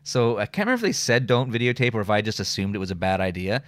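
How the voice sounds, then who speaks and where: Deep-voiced man telling rambling stories. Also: sing-song, very fast, no room sound. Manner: rambling storyteller, frequent filler words and swearing. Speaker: comedian and radio host. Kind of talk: casual interview chat.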